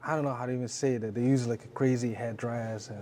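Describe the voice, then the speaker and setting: A man hosting a relaxed interview, telling stories in a loose, chatty way, often saying "bro". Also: mid-range voice, fast. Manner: relaxed storytelling, peppered with "bro" and "like". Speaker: tattoo artist and podcast host. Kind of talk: casual interview chat.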